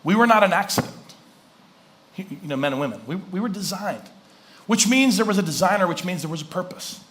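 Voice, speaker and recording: A male pastor gives a conversational sermon in a church, his voice pitched high and bright with a forceful edge. He talks loosely and animatedly, slipping into quick acted-out exchanges to illustrate his points. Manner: conversational, animated, acts out dialogue. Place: church sanctuary.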